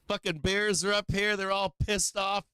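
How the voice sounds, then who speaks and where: Brash, profane man with a bright, high voice. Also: clear, resonant tone, dry recording. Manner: brash and profane, laughing often. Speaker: stock market livestream host. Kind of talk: live trading commentary.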